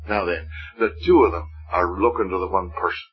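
A man preaching a gospel sermon, earnest and pleading, with a husky voice that rises and falls. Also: low voice, fairly quick, dull audio, soft background music. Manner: earnest, rising and falling pleading delivery.

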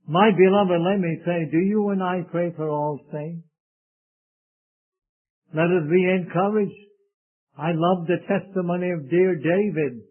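A man's voice: high voice, lively intonation, unhurried. A man preaching a sermon in an earnest, solemn way, speaking to his listeners as beloved. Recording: tinny lo-fi phone-like recording.

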